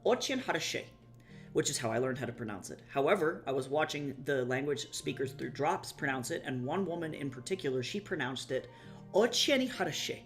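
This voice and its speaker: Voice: medium pitch, a little fast, few pauses, faint music behind. A young adult streamer in casual live-stream chat, rambling and swearing casually while talking to viewers.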